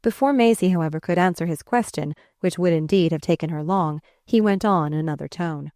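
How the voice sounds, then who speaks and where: A woman reads a classic novel aloud in a measured, expressive audiobook style. Her voice sits somewhat low, and the recording is dry and close, with no room sound. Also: no room sound. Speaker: audiobook narrator.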